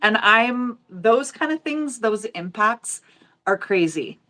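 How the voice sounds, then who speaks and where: A woman's voice: fairly high pitch, lively intonation, takes it slowly, pushed and bright. A woman in her forties, a nail educator from the United States, telling stories in a casual, emotional way. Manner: emotional, storytelling with quoted voices. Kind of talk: casual chat.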